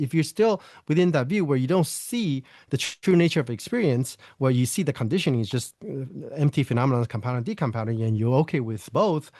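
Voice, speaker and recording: A man's voice: a little high, dry recording, studio quality. A man talking through ideas in a reflective spiritual conversation, thinking aloud with restarts, rhetorical questions and small laughs. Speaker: guest teacher on nonduality.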